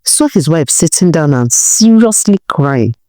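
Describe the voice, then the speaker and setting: A woman storyteller narrates a folk tale, chatty and animated, with a pitch that rises and falls freely. Her voice is mellow and warm. The sound is dry and close to the mic. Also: a little slow, no room sound. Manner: conversational, expressive, animated.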